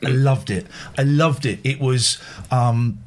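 A middle-aged man with a husky voice, hosting and talking openly and emotionally in a rambling, casual chat. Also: mid-range voice, slow, a little hiss or hum. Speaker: host.

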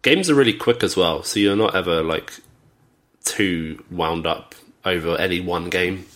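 A man co-hosting a podcast talks casually in a low, unhurried, slightly bright voice. He rambles through stories, filling his speech with plenty of fillers.

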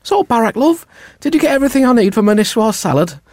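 A shrill, exasperated wife, put on by a man in a comedy podcast sketch. The voice is pitched up high and swoops about as it scolds her husband. It is teasing and mock-shrill. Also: very animated, fast, darkish tone, no room sound, studio quality. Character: exasperated wife, woman, nagging husband over shopping.

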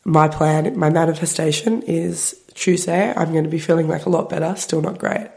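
Sick woman co-host, gravelly low voice, chatty and giggly. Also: normal speed. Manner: chatty, giggly, animated storytelling. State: sick, recovering from illness. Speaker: podcast co-host. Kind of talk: casual chat.

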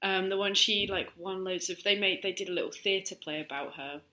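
A woman's voice: medium pitch, brisk, bright, forceful tone, echoey room, slight background noise. A woman hosting a casual podcast, chatty and laughing, sometimes losing her thread. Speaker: podcast host.

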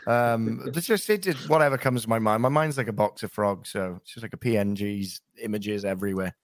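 A male voice actor and impressionist, talking in a lively, self-interrupting way during a casual interview. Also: fairly low pitch, fairly quick, no echo.

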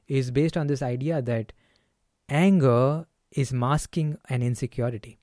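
A man's voice: medium pitch, darkish tone, no echo. Man on a dry, close podcast mic. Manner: acts out quick example lines in a raised voice. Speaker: podcast host. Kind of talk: casual solo podcast talk.

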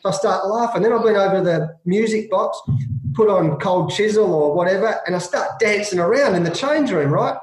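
A middle-aged Australian man with a fairly high voice, recounting his cricket days with relish. He acts out the dialogue and laughs as he goes. His voice rings with a roomy echo. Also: brisk. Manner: lively anecdotal, acts out dialogue, laughs often. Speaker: guest, former test cricketer. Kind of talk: storytelling interview.

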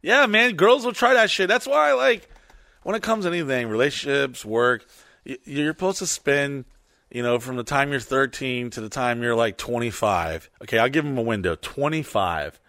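A man's voice: medium pitch, normal speed, no echo, studio quality. A man hosting a casual talk show, swearing freely and throwing in mocking voices for people he describes. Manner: profane, animated, mock voices for people. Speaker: podcast host. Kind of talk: casual chat.

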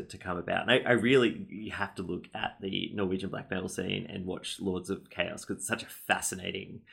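A man's voice: low voice, creaky, bright, forceful tone. A man hosting a podcast, chatting casually and rambling with lots of fillers and restarts. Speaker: podcast host. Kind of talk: casual chat.

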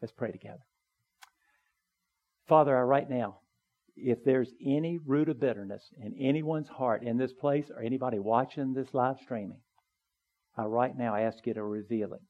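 A man preaching a sermon in a church, earnest and conversational, building to emphatic pleas and dropping to soft, quiet appeals. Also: mid-range voice, moderate pace, long pauses, phone-quality sound. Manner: conversational with small asides. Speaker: pastor. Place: church sanctuary, also live streamed.

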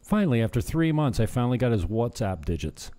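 A man's voice: medium pitch, very animated, fast talker, mellow. A man talking casually to his viewers in a meandering vlog, often breaking off mid-thought and chuckling at his own asides. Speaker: vlogger. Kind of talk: casual rambling chat to camera.

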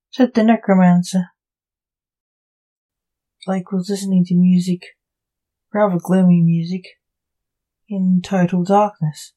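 A woman narrates a gothic story for her podcast in a measured, theatrical manner. Her delivery is slow and unhurried, with a dark, mellow tone. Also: lowish voice, steady tone, poor audio. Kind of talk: scripted narration of gothic fiction.

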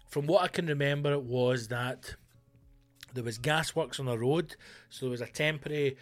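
Loud sweary Scottish man ranting. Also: mid-range voice, normal speed, faint music behind. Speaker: comedian podcast host. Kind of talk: ranting comedy podcast monologue.

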